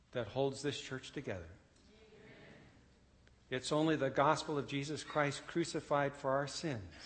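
A man preaching a sermon, telling a story with dramatic swells that drop to a hushed close. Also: mid-range voice. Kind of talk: sermon illustration and closing. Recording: long church reverb with faint guitar. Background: soft guitar music.

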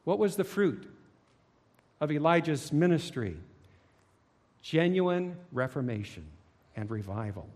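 A man preaching a sermon, swinging dramatically between hushed low tones and loud shouting. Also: expressive, measured pace, long pauses. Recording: long hall reverb.

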